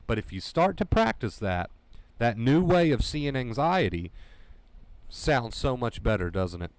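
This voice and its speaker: Male stream host, anxiety coach; emphatic, repetitive, talks straight to chat, mid pitch, dry close mic. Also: very animated, a little slow, no echo. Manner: emphatic, repeats key phrases, addresses chat directly. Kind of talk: motivational livestream talk.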